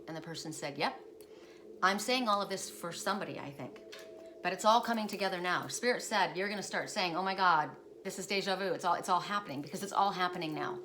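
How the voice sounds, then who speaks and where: A woman speaking in a slightly low voice tells a spiritual story at home in a loose, wandering way, often doubling back to fix her own words. A steady hiss of background noise runs underneath. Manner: rambling, self-correcting, digressive. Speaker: oracle card reader.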